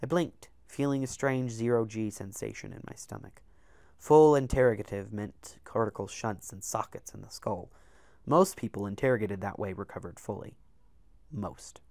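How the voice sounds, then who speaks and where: A man reading a science fiction novel aloud as a storyteller, with measured, dramatic emphasis. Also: on the low side, vocal fry, darkish tone, no echo.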